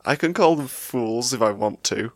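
A man's voice: medium pitch, expressive, normal speed, dry recording. A man co-hosting a casual podcast, teasing his friend in a dry way. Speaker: podcast co-host. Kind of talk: casual chat.

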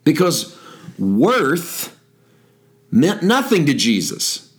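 A man's voice: fairly high pitch, huge pitch swings, takes it slowly, pauses often. A man hosting a daily Bible podcast, reading scripture aloud and explaining it with emphasis on key words. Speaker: pastor. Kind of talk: teaching a Bible lesson podcast.

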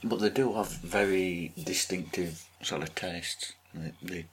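A deep-voiced man co-hosting a casual podcast. He argues his points earnestly and trips over repeated restarts as he talks. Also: unhurried, a little hiss or hum. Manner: stammering restarts, earnest and argumentative. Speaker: podcast co-host. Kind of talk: casual chat.

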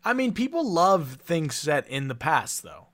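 A man co-hosting a podcast, chatting casually in a jokey, animated way and making silly noises. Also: on the high side, measured pace. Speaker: podcast co-host.

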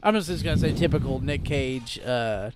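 A man's voice: mid-range voice, normal speed, very noisy. A man on a casual podcast, asking questions and making self-deprecating jokes. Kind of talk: casual chat.

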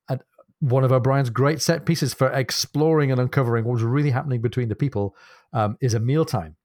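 A man's voice: medium pitch, no room sound, clean studio sound. Man reading and discussing a novel. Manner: animated, reads quotes expressively, laughs easily. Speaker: podcast co-host. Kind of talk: book discussion with read-aloud passages.

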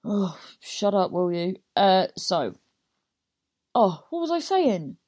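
A woman's voice: mid-range voice, very animated, slow pace, darkish tone. A young woman, a stand-up comedian, telling stories in a scattered, self-interrupting way and swearing casually. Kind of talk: rambling casual monologue.

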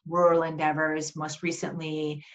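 A middle-aged woman speaking earnestly and warmly as an interview guest, with frequent restarts and fillers. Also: sits low, completely flat delivery, normal speed. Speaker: interview guest, Paralympian and advocate. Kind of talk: casual conversational interview.

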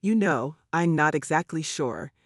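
A woman's voice: deep voice, expressive, unhurried, husky, no echo, studio quality, exaggerated voice. A man voicing a timid, kindly older woman who speaks tentatively and babbles in an audiobook reading.

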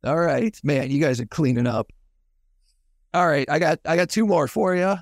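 A man's voice: on the high side, animated, normal speed, dry recording, clean studio sound. A man hosting a podcast, quizzing his co-hosts in playful casual chat. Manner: playful quizmaster. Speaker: podcast host. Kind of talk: casual chat, reading rap lyrics aloud.

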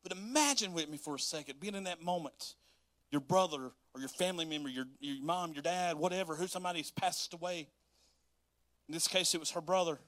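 Male preacher, slightly higher voice, close dry sound, animated delivery with frequent chuckles. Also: brisk, dry recording. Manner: animated, laughs often, acts out quotes. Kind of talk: sermon reading and explaining scripture.

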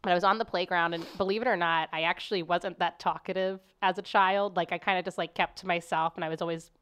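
A woman hosting a podcast, talking in a loose, rambling way full of "like" fillers. Her voice sits on the low side and sounds smooth and clean. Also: fairly even intonation, fast talker, fairly bright tone. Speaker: podcast host. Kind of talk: casual storytelling chat.

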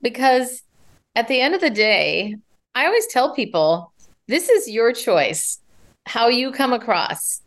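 A woman speech coach giving advice in an interview, talking in an animated way and showing vocal variety as she explains. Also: a little high, measured pace.

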